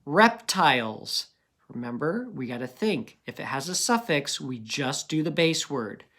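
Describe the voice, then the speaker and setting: A man teaching a phonics lesson to young pupils, sounding out words slowly and asking patient questions. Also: fairly high pitch, animated, bright, forceful tone.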